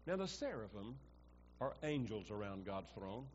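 A man's voice: lowish voice, very animated, moderate pace, a little mellow, muffled recording, a little hiss or hum. A male pastor preaching a sermon in a church, asking the congregation questions and swelling for emphasis.

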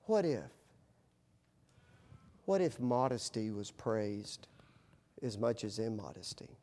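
A middle-aged pastor, a man, preaching with animated storytelling that swings from hushed to loud. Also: on the low side, takes it slowly. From United States. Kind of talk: sermon.

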